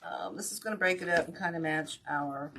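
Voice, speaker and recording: Low-voiced and brisk, the host of a wreath-making channel leads a casual craft tutorial. She chats with viewers in a weary, self-deprecating manner, with steady noise in the background.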